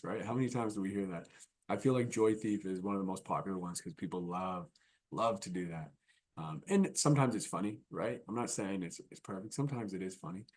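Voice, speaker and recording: Fairly low-pitched and darkish, with a breathy edge, this man speaks fairly quickly as he delivers a keynote. The conference talk is conversational, with acted-out examples, and he keeps asking his audience "right?"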